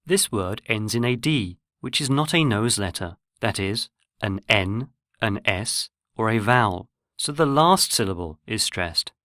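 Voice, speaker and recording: Measured man narrating a language lesson. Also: on the low side, expressive, sharp tone, dry recording, studio quality. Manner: measured, explanatory.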